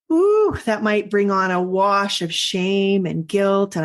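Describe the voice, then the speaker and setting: A middle-aged woman hosting a coaching podcast, telling a personal story in an earnest, reflective way with pauses and restarts. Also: mid-range voice, lively intonation. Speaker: life coach and podcast host.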